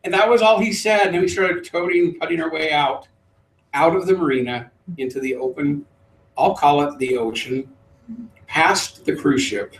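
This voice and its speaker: A middle-aged man, a trainer, telling a lively story to a live group and acting out the voices. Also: on the high side, normal speed. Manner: animated storyteller, acts out voices. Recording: roomy, distant mic.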